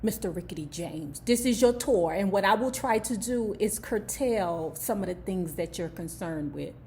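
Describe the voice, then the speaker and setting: Cool, guarded little male musician, as a woman puts him on, calm and evasive. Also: sits high, normal speed, slight background noise. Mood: placating.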